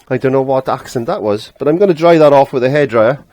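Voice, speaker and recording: A man's voice: medium pitch, fast talker, dark tone, no echo. A middle-aged man teaching a casual painting lesson, chatty and laughing at himself, trailing off when he concentrates.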